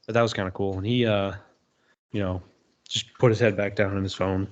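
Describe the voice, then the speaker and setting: A man's voice: on the low side, steady tone, fairly quick, lo-fi sound. A man in casual podcast chat, telling loose stories and swearing often. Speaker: podcast guest.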